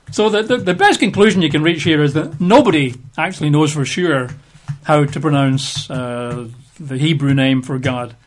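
A man giving an opinionated, plain-spoken talk with wry asides. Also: on the high side. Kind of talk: casual talk to camera.

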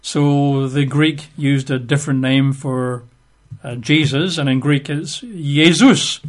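A man's voice: mid-range voice, flat delivery, a little slow. A man giving an informal Bible teaching, chatty and wry, spelling out names letter by letter. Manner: conversational, wry asides, spells out words letter by letter.

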